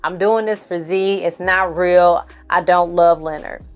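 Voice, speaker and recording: A woman's voice: fairly low pitch, fairly even intonation, a little slow, faint music behind, close to an everyday voice. A woman voicing a desperate woman who pleads and scolds, in her own voice, while retelling a scene. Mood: pleading. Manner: pleading, then firm and scolding.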